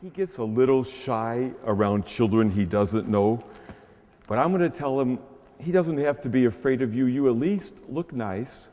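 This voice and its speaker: A man, a pastor, preaching earnestly with slow pauses and swelling emphasis, and speaking gently to children. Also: medium pitch. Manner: gentle, playful talk to children. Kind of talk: sermon. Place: large church shrine. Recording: long echo of a large church.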